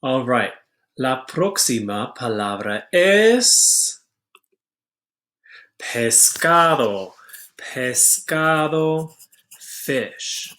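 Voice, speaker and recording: A man teaches a vocabulary lesson in an unhurried, deliberate way, drawing out each word. He is patient and clear, repeating terms so students can write them down. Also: mid-range voice, lively intonation, sharp tone. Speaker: Spanish teacher. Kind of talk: classroom-style vocabulary lesson.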